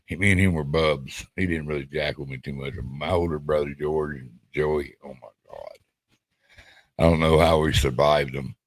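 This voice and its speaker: A man's voice: rumbling low, dry recording. A middle-aged man, telling rambling family stories in casual stop-start chat on a podcast. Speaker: podcast co-host.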